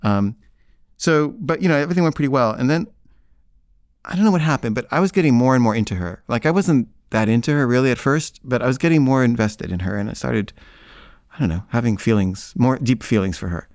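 A man's voice: mid-range voice, a little fast, darkish tone, no room sound, studio quality. A man casually telling a personal story in the first person, rambling and conversational, with frequent filler words.

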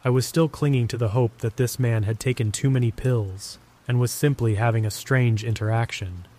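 A man giving a scripted first-person horror story narration in a steady, even telling. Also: mid-range voice.

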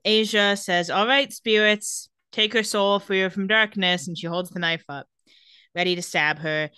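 A woman's voice: mid-range voice, fairly even intonation, moderate pace, sharp tone, clean tone, no room sound. A young woman co-hosting a casual chat, retelling TV scenes and quoting the characters. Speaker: podcast co-host recapping a TV episode.

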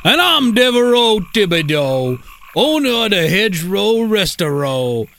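A man's voice: sits high, big pitch swings, a little slow, a bit bright, voice pushed up, full character voice. A man doing a showy Cajun storyteller. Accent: put-on Cajun. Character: Cajun restaurant owner and skunk ape hunter, man.

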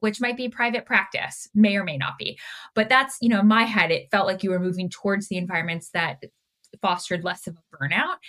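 A woman therapist hosting a podcast, talking emphatically and animatedly, quick to voice her frustration. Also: medium pitch, fairly bright tone. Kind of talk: casual podcast conversation.

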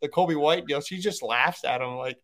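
A man's voice: a little high, normal speed, fairly bright tone. A man chatting casually, laughing often and telling light stories about his wife. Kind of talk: casual chat.

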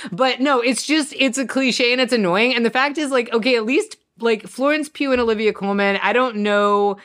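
A woman's voice: on the high side, moderate pace, a bit bright. Woman, 30s, podcast co-host, casual chat, ranting and chatty. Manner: chatty, ranting, many restarts.

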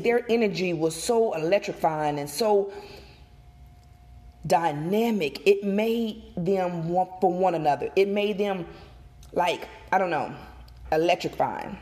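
A woman vlogger delivers casual opinion commentary outdoors, speaking straight to her viewers. Her delivery is emphatic and animated, with frequent repetition for effect. Her voice sits at an ordinary middle pitch. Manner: emphatic, animated, repeats and addresses viewers directly. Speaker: gossip vlogger.

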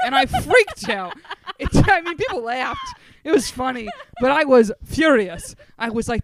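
A woman, co-hosting a podcast and telling animated, profane, self-mocking stories in casual chat. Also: sits high, a little slow, no room sound. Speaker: podcast co-host.

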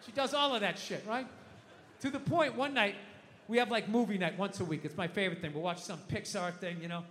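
A man doing profane, animated stand-up storytelling, mock-ranting about home life on a live stage. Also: sits high, brisk. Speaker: stand-up comedian. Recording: long hall reverb, faint noise.

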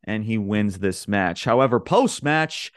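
Man excitedly recapping wrestling promos. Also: fairly low pitch, a little slow, dry recording, studio quality. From Long Island, New York. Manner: animated retelling, quoting wrestlers with laughs. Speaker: podcast host.

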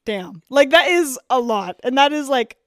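A woman's voice: sits high, moderate pace, no echo. Woman, co-host, gushing casual chatter, dry close sound. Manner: excitable, repeats herself, lots of "like" and "literally". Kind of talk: casual chat between friends.

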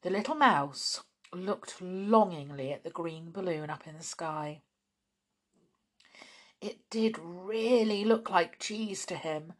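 A woman with a lowish voice hosts a children's story podcast, reading storybooks aloud. Her delivery is expressive and chatty, sprinkled with soft asides.

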